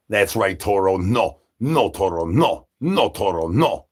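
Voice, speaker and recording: A man rambling through absurd nonsense banter on a comic live stream, breaking into sudden high shouted asides. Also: very animated, a little slow, few pauses, husky. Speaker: livestreamer.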